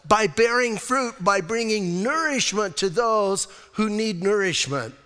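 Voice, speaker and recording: A high-pitched man delivering a sermon, lively and conversational, firing questions at his listeners. His voice rings with a long hall reverb. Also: a little slow, clean tone. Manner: animated, conversational preaching with rhetorical questions. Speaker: pastor.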